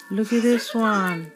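A woman hosting a casual nail polish unboxing vlog at home, gushing and exclaiming over each item. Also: fairly low pitch. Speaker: host.

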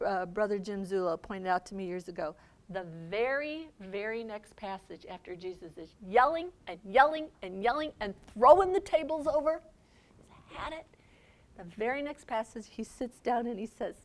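A middle-aged woman giving a faith seminar talk, conversational and quick to laugh, often checking in with "okay?". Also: on the high side. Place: seminar room.

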